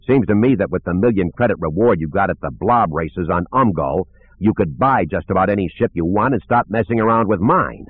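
A man voicing a gruff, hot-tempered male pilot who talks curt and snappish. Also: lively intonation, fairly quick, no room sound. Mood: snappish, menacing. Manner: curt, snappish, low and threatening. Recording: narrow phone-like sound.

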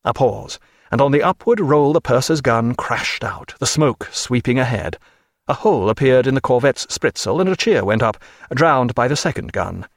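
A man reading an audiobook with steady, vivid storytelling. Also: mid-range voice, normal speed, no room sound, clean studio sound. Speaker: narrator. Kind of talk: audiobook narration.

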